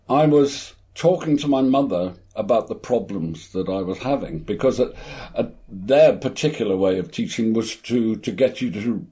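Eighty-year-old retired actor, warm mellow tone, reflective and wry anecdotes. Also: male voice, mid-range voice. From Cornwall, England. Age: 80s. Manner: reflective, wry, stammers on restarts. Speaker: retired actor, interview guest. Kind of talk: conversational storytelling.

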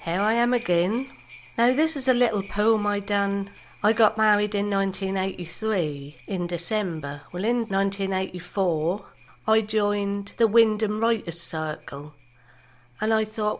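Slow-spoken older woman. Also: mid-range voice, slight background noise. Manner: chatty, unhurried storytelling with dialect grammar. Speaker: poet. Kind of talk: reciting homespun comic poems.

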